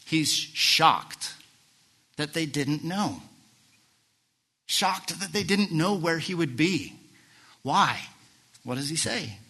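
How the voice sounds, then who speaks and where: Bright-voiced male pastor preaching animatedly. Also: on the high side, slow pace, long pauses, slightly rough. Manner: animated, asks rhetorical questions, acts out quoted lines. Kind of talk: sermon.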